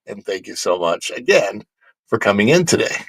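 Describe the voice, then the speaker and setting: A man hosting a casual theme-park news livestream, animated and joking as he talks to his chat. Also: on the low side, normal speed, husky, no echo.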